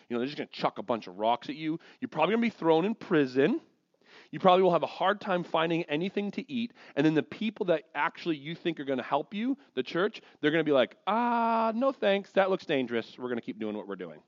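A man preaching a sermon, telling stories in a lively, joking way and acting out quotes. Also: fairly high pitch, brisk, no echo. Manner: lively, jokey storytelling with acted quotes. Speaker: pastor. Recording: dull lo-fi dry sound.

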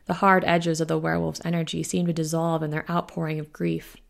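A woman author reading the prologue of her own fantasy novel aloud in a steady way. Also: sits low, fairly quick, vocal fry. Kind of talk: audiobook narration.

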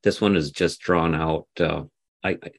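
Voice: a bass voice, steady tone, a little slow. A podcast co-host in casual chat, hesitant and often correcting himself mid-sentence.

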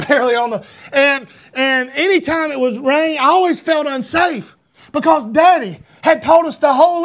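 High-voiced Southern preacher rambling through stories. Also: male voice. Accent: Southern US, Georgia. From Georgia, US. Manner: rambling, self-deprecating, stumbling restarts, rising to shouts. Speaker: pastor. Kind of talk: sermon with personal stories.

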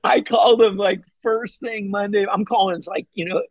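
A man telling a hunting story as a podcast guest, excited and rambling, with many fillers and restarts. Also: normal speed, no echo, lo-fi sound. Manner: acts out his own past words with big pitch jumps. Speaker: podcast guest, bowhunter and pastor. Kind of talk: casual storytelling in an interview.

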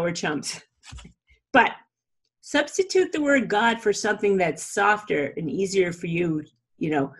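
A woman in a casual spiritual teaching talk, chatty, often laughing and saying "you know" and "like". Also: mid-range voice.

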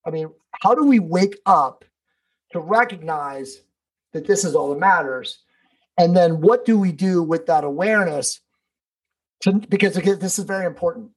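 Guy on a podcast call, husky voice, preachy and fired up, swears a lot. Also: high-pitched, normal speed, rough recording. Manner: emphatic, profane, preachy. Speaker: podcast guest. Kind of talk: casual conversation.

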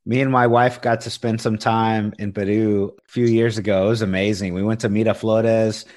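A man's voice: fairly low pitch, level tone, moderate pace, a little mellow. A man hosting an interview, chatting casually with enthusiasm and calling his guest "man". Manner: enthusiastic, friendly, says "man" a lot. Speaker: podcast host.

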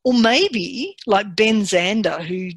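Calm woman presenting a workshop, dry sound. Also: medium pitch, slightly rough, no echo. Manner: calm, measured, encouraging.

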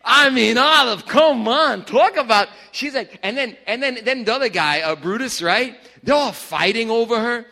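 A man preaching a sermon to a congregation in a church, animated and joking with the crowd as their pastor. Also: very high voice, normal speed, creaky, few pauses. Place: church service before a congregation.

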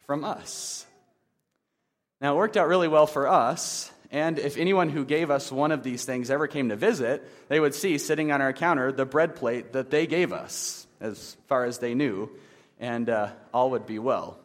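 Man preaching a casual sermon in a reverberant hall. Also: mid-range voice. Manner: conversational, self-deprecating humor. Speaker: pastor.

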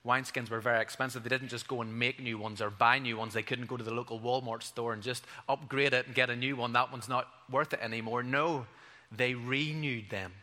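An preacher with a bright, forceful voice in a reverberant hall. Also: male voice, medium pitch, fairly even intonation, a little fast. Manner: earnest and conversational, with playful asides. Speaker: pastor. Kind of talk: sermon. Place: church hall.

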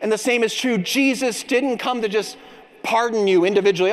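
A man's voice: high voice, fairly quick, a little hiss or hum. A man giving a keynote talk at a large conference, moving from personal storytelling to rousing exhortation. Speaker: keynote speaker. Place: large dome arena before a crowd.

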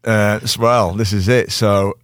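A man with a Liverpool accent telling an animated story as a guest and acting out the quotes in other voices. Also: fairly low pitch, a little slow. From Liverpool, England. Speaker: actor guest. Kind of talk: casual chat, storytelling.

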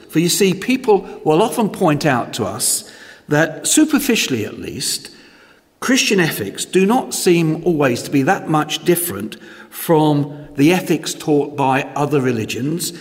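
A male preacher with a fairly high voice delivers a sermon at a slow, deliberate pace. He leans on emphatic rhetorical questions. His voice rings out with a long church-hall reverb. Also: expressive.

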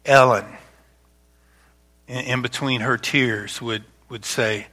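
Bright-voiced male pastor preaching conversationally. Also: medium pitch, steady tone, slow. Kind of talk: sermon.

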